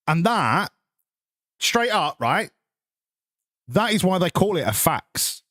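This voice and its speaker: A man's voice: fairly high pitch, very animated, measured pace, fairly bright tone, no echo, studio quality. A man, chatting casually with his viewers on a live stream in sarcastic, sweary, mock-lecturing rants.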